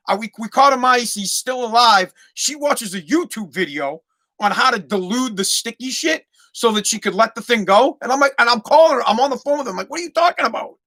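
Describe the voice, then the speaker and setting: High-voiced guy ranting on his podcast, cussing, keeps stumbling over his words. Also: bright, forceful tone. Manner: heated, swearing, repeats words when stumbling. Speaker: podcast host. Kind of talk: casual profane rant.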